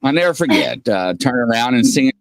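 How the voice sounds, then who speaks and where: A man's voice: mid-range voice, big pitch swings, fast, no room sound. A man hosting a casual livestream, rambling and joking as he reads chat comments aloud and greets viewers. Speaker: host.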